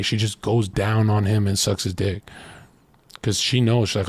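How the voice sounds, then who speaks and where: A brash man in his late twenties talks crude dating advice in a rambling, boastful way. His voice sits low. The sound is dry and close, with no room around it. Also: steady tone, a little slow, darkish tone, no echo. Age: late 20s. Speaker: streamer giving dating advice. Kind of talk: casual monologue.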